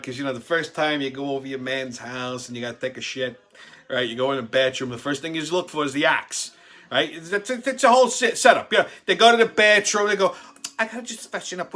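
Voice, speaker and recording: A man's voice: on the high side, pushed and bright. A man, telling a crude, profane comic story as host and acting out the quotes. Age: 40s. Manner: brash, crude, swears constantly, acts out quotes. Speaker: show host. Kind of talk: profane comedic storytelling monologue.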